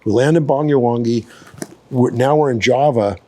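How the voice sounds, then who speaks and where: A man in his sixties, a surf photographer, telling a long story casually, full of fillers, restarts and quick asides. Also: medium pitch, darkish tone. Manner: rambling, lots of fillers and restarts.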